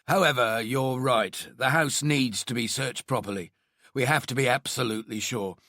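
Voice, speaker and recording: A man voicing a decisive male detective inspector briefing his team in a measured, firm way. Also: medium pitch, bright, forceful tone, no echo, studio quality. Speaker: police team leader.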